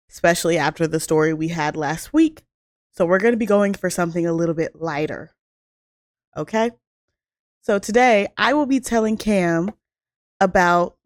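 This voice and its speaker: A Southern woman with a medium-pitched voice co-hosts a casual podcast, recorded dry. She's a giggly, animated storyteller, laughing plenty as she tells the story in her Southern accent.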